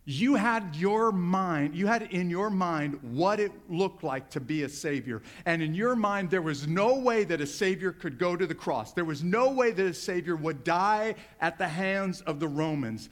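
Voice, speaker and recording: A man's voice: high voice, animated, unhurried, few pauses. A male pastor preaching a sermon, talking directly and conversationally to his congregation.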